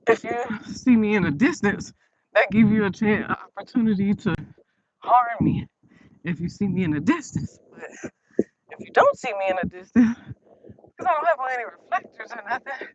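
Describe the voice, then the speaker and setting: A woman with a medium-pitched voice vlogs outdoors during a late-night walk, recorded in lo-fi sound. She tells stories casually as she walks, rambling and laughing often.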